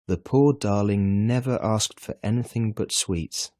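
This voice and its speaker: Man playing a protective mother, storybook, raised pitch, dry sound. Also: a little slow, warm tone, dry recording, lightly acted. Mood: indignant. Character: mother Mrs Dale, fond and protective.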